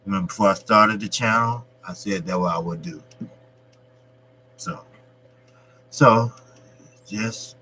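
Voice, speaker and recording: A man hosts his own boxing livestream, talking slowly and taking his time as he reads the chat. His voice is bright and forceful, with plenty of blunt, profane street banter. A faint hum sits under the recording. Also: on the low side, rough recording. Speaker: boxing channel host reading live chat. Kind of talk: casual livestream talk.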